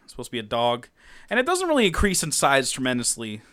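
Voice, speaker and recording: A man co-hosting a podcast, recapping a comic in casual chat, animated, laughing often and swearing freely. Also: medium pitch, fast talker, smooth. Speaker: podcast co-host.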